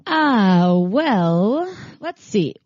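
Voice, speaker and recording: A woman's voice: medium pitch, sing-song, extremely slow. A woman co-hosting a sex podcast in casual, chatty and upbeat talk. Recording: dry, dull lo-fi sound.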